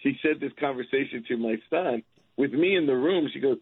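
Gravelly, husky male radio guest. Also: mid-range voice, a little fast, darkish tone, highs cut off. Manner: rambling storyteller, laughs often, acts out family members. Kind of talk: casual talk radio chat.

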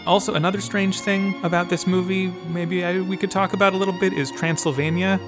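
A man hosting a podcast, discussing film music in a measured and analytical way. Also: high-pitched, fairly even intonation. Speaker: podcast host.

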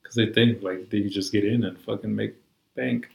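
A man chats casually in a low-pitched voice, swearing constantly and wandering from point to point with filler words. The sound is roomy and echoey. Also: fairly even intonation, moderate pace, gravelly, darkish tone. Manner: profane, rambling, lots of "like" and "you know". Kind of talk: casual chat.

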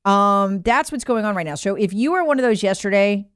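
A woman's voice: medium pitch, expressive, a little fast, smooth, no echo, studio quality, faint music behind. A woman hosting a political commentary show, talking in a sarcastic, opinionated way. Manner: sarcastic, mocks figures in put-on voices.

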